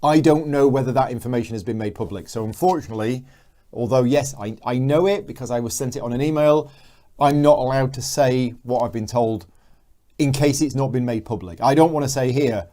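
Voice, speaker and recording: A man talks through a live board game unboxing in a relaxed, rambling way, answering viewers' comments as they come in. His voice is mellow and dark, and it sits at an ordinary middle pitch. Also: brisk. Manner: chatty, reads viewer comments aloud. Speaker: board game channel host.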